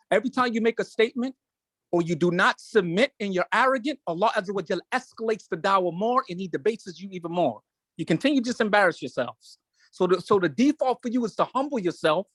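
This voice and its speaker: A man with a high voice holds forth as host, emotional and insistent. He hammers points home by repeating phrases in a preaching rhythm. The recording is dry, with no room sound. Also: a bit bright, dry recording. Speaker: show host. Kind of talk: impassioned commentary.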